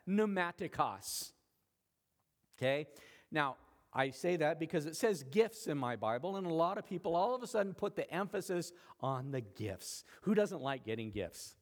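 A middle-aged man, a pastor, preaching a sermon in a chatty way, now and then rising sharply in pitch and loudness. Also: animated, measured pace, long reverb tail. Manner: conversational preaching with sudden rises in pitch and volume.

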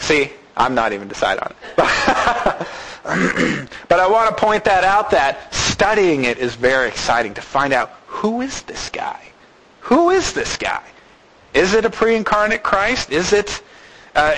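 A man preaching a sermon in an animated way, acting out the voices of the people he talks about. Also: mid-range voice, low-quality recording.

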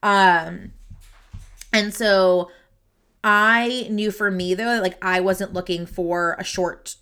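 Fairly low, creaky, bright and forceful, this woman's voice carries a solo podcast she records in her office. A career coach, she chats loosely with many fillers and restarts, sounding teary and sniffly.

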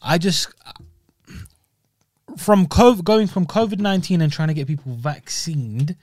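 A man, co-hosting a podcast in casual chat, talking in a measured, reasoning way. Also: on the high side, darkish tone, no room sound. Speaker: podcast co-host.

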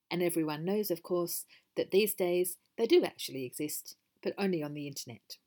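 A woman's voice: on the low side, darkish tone. A woman hosting a podcast, narrating her own story in a wry, conversational way.

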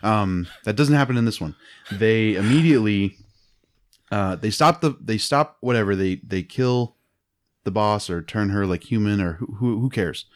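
Rambling, animated young man. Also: fairly low pitch, normal speed. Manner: rambling, animated retelling with silly voices and laughs. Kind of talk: casual chat.

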